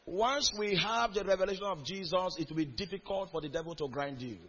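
In a church hall, a male pastor delivers a sermon, his scripture readings building upward in cadence as he puts questions to the congregation. He speaks a little fast in a high, husky, somewhat bright voice, and the recording is muffled.

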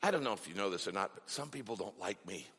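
Male preacher, middle-aged, bright forceful tone, emphatic repeated phrases. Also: fairly low pitch, lively intonation, fast, breathy edge. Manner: emphatic, repetitive preaching cadence. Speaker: pastor. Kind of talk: sermon. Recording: long reverb of a large hall.

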